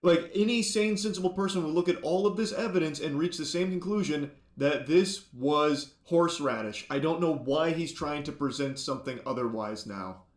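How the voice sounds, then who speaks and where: A man's voice: a little high, normal speed, few pauses, roomy sound. A man giving video commentary, indignant and sarcastic, firing off pointed questions. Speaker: YouTube commentator.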